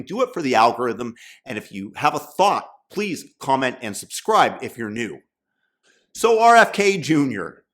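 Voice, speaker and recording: A man's voice: medium pitch, fairly bright tone. A man hosting a satirical commentary rant in a mocking, sarcastic manner. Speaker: commentary host.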